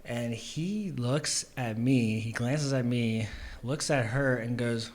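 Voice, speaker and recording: A young podcast host with a slow, mid-range voice tells a story on his own show. His casual monologue is laid-back and rambling, full of fillers and restarts.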